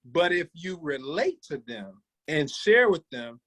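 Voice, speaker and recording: A man's voice: on the high side, big pitch swings, unhurried, few pauses, sharp tone, rough recording. A man leading a sales training, coaching his team with energy and calling on listeners by name.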